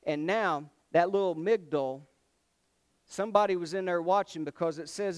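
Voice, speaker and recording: Clear-voiced preacher. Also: male voice, high voice, unhurried. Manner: conversational, asks the congregation questions. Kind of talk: sermon.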